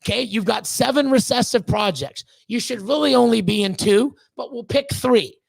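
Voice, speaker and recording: A man's voice: very high voice, normal speed, vocal fry, no room sound. A man talking as a podcast guest in a blunt, profane rant, often repeating words as he gets worked up. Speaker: podcast guest, snake breeder. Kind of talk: candid ranting conversation.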